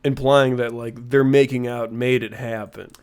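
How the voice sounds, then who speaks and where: A man co-hosting a casual comedy podcast, talking in a relaxed, halting way and recapping scenes. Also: medium pitch, smooth. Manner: relaxed, hesitant with many uh fillers. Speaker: podcast co-host.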